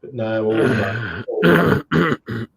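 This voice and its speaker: A man with an Australian accent hosting a casual chat, joking and quick with asides. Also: mid-range voice, lively intonation, creaky, echoey room, poor audio. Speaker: host.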